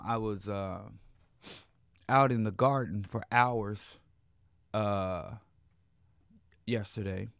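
A man from Chicago hosting a live internet radio show, hoarse as he loses his voice, talking in a laid-back, rambling way with casual slang. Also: fairly low pitch, no echo, clean studio sound. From Chicago, Illinois. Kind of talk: live radio talk monologue. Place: radio studio.

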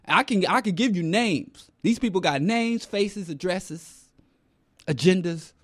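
High-pitched guy going off in a sarcastic rant, lots of slang, hammering his points. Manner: emphatic, sarcastic, streetwise slang. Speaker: commentator. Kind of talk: ranting political monologue.

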